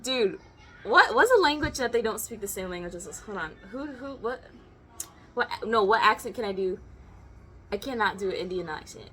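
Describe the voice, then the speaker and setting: A woman's voice: medium pitch, animated, normal speed, fairly bright tone, a little hiss or hum. A young American woman vlogging in casual chat, rambling and slangy, often correcting herself mid-sentence. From United States.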